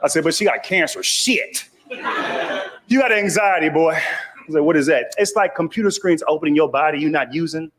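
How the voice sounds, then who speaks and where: A man with a Texas accent tells a stand-up comedy story, jumping into the voices of the people in it. His voice sits a little high for a man. There is a faint hum of ambient noise behind him. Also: a little fast. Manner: storytelling, acting out voices of others.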